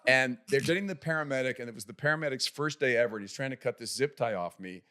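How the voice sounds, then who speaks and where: A man's voice: medium pitch, fast, sharp tone. A man on a podcast telling a comic anecdote, restarting and repeating words often and acting out the voices in his story. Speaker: podcast guest. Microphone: podcast studio microphone.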